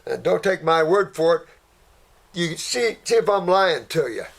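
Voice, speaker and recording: An older man holds forth in a loose question-and-answer chat, his voice sitting a little higher than most men's. He rambles in a folksy way, tossing out endearments like honey and sweetheart. He often trails off into fillers while he gropes for a word. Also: expressive, unhurried, creaky. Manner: trails off searching for words, many fillers. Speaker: naturopath answering viewer questions. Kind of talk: casual Q&A commentary.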